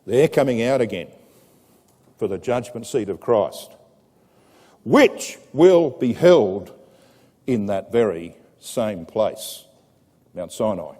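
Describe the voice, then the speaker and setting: A man preaching a sermon to a congregation, telling a scripture story with dramatic rises and a lively, animated delivery. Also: on the low side, slow, long pauses, breathy edge. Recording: echoey hall with long reverb.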